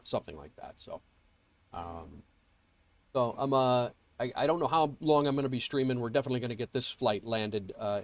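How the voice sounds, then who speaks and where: A man streaming a flight sim, chatting casually and greeting viewers, nasal and congested from a cold and rambling with fillers and restarts. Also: fairly low pitch. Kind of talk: casual livestream chat. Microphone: earbuds mic.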